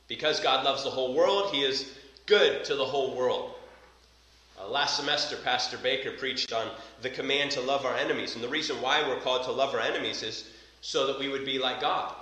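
A man's voice: medium pitch, pushed and bright. A man preaching a sermon as pastor, earnest and emphatic, building points through repetition. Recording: very echoey hall sound.

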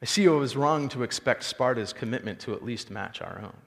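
A man's voice: mid-range voice, expressive, fairly quick, vocal fry. A man playing a skeptical commander, questioning, long reverb.

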